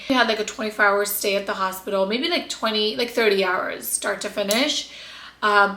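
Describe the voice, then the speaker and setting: A woman's voice: mid-range voice, sharp tone, roomy sound, slight background noise. A young woman telling her birth story to her viewers in a chatty, emotional way, with lots of fillers. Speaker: vlogger. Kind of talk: casual vlog storytelling.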